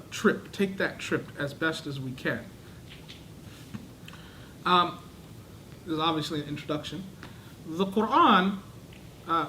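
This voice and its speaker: High-voiced man teaching a class. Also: a bit bright, a little hiss or hum, rough recording. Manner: asks the class questions, acts out voices to show tone. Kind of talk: lecture to a class.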